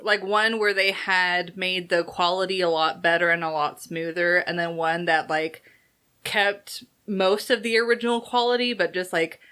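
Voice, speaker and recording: A woman's voice: on the low side, fairly even intonation, normal speed, bright, forceful tone, clean tone. A young woman co-hosting a movie review show in casual chat, playful and giggly with lots of fillers.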